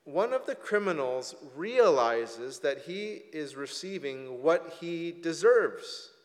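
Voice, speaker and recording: A male pastor preaching a sermon and reading scripture, reflective and measured, with emphatic rises when he quotes the text. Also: on the high side, sing-song, in a large hall.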